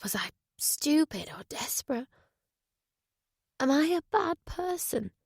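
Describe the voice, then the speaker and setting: A woman reading a fragile young amnesiac hospital patient in an audiobook, with a soft, hushed voice. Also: on the high side, takes it slowly, gravelly, breathy edge, no room sound, clean studio sound, exaggerated voice. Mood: distressed.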